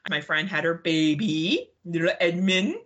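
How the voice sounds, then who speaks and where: A woman's voice: fairly low pitch, animated, a little slow, a bit bright. A woman co-hosting a podcast in casual chat, laughing often and swearing freely. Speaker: podcast co-host.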